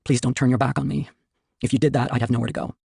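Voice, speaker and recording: A man reading aloud and voicing a lonely teenage girl who pleads softly. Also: mid-range voice, flat delivery, very fast, gravelly, breathy edge, dry recording, studio quality. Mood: pleading.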